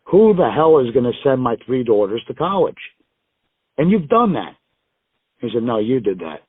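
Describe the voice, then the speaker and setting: A man's voice: medium pitch, very animated, normal speed, husky, no room sound. A middle-aged man tells stories as a guest in a casual interview. His voice comes through a thin, tinny phone line with a dry sound. He rambles, circles back, and punctuates his points with frank, emphatic profanity.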